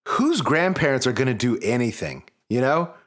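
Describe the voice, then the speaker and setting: A man's voice: medium pitch, sing-song, normal speed. A man co-hosting a comedy podcast, riffing with profane, crude jokes in casual banter. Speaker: podcast co-host.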